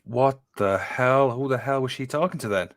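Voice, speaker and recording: A man's voice: mid-range voice, normal speed, dry recording. A man co-hosting a casual podcast who reads listener stories aloud and exclaims often. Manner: exclaims often, trails off, restarts. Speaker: podcast co-host.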